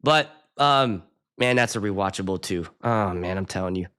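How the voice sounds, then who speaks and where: A man from the Pittsburgh area who works as a wedding DJ, hosting a casual live stream and rambling excitably from topic to topic. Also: low voice, normal speed, clean tone. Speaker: wedding DJ and show host.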